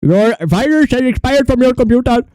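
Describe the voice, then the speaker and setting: Fake tech support caller, a man's very high, mellow-toned robotic voice. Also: expressive, normal speed, no room sound, faint music behind.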